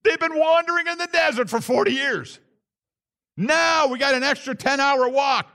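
A man's voice: very high-pitched, normal speed, pushed and bright. A man preaching a sermon to his congregation, reading scripture and pressing his points with rising emphasis. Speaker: pastor.

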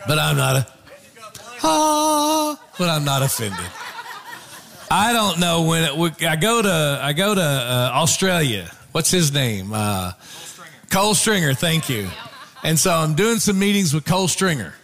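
Guy preaching, high voice swinging all over, tells stories and jokes w the church. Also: measured pace, creaky. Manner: animated, storytelling, jokes with the congregation. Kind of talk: sermon. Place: church before a congregation.

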